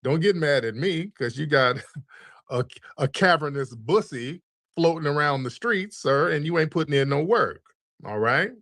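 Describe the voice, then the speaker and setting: A man's voice: on the high side, expressive, normal speed, a bit bright, no echo, clean studio sound. A man hosting a call-in show, mocking and insulting a caller with crude jokes. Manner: mocking, insulting, trash-talking. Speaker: host.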